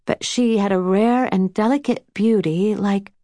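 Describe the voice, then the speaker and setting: A woman voicing a gentle, soft-spoken older sister who murmurs quietly in a storybook reading. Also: mid-range voice, steady tone, measured pace, no echo, studio quality, natural voice. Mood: soft storytelling.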